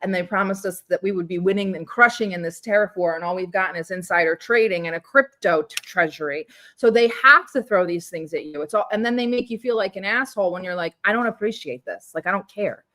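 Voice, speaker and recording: A woman's voice: lowish voice, quick pace, few pauses, sharp tone. A woman co-hosting a political livestream, talking in an exasperated, sarcastic way and laughing often. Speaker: co-host.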